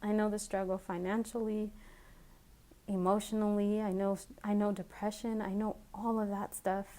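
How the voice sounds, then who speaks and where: Woman, personal video message, emotional, halting, restarts, flat even pitch. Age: adult with children. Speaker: vlogger.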